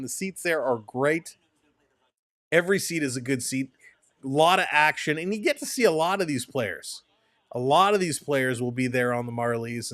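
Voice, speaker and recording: A man's voice: medium pitch, a bit bright, no room sound, studio quality. A man hosting a live stream, chatting with viewers and calling hockey play-by-play. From Toronto. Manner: chatty, reads chat names aloud. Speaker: host doing live play-by-play. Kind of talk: live game commentary.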